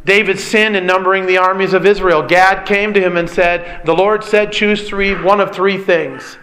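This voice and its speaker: A man delivering a sermon in an earnest, emphatic way. His voice sits high for a man and sounds bright and forceful. He leans on his points and speaks straight to his listeners. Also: steady tone, normal speed, a little hiss or hum. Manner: earnest preaching, emphatic, addresses listeners as beloved. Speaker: pastor.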